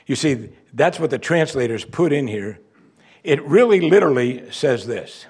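A man's voice: mid-range voice, expressive, moderate pace, long pauses, darkish tone, husky. A man, a pastor, preaching an expository sermon in a conversational way and acting out quotes from the text.

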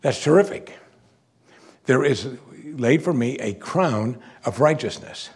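A man preaching a sermon, moving between quiet, reflective asides and loud, emphatic declarations. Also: mid-range voice, expressive, slow pace, slightly rough. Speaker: pastor.

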